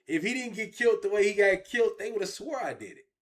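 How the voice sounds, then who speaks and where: A man telling his own story in an interview, animated and repetitive, with heavy street slang. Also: high-pitched, quick pace. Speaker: interview guest.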